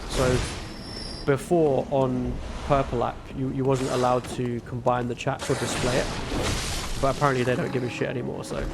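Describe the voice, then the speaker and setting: Laid-back northern English streamer, gravelly. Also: male voice, mid-range voice, very noisy. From northern England. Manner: laid-back, rambling, thanks viewers often. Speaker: livestreamer. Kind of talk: casual chat reading viewer messages while gaming.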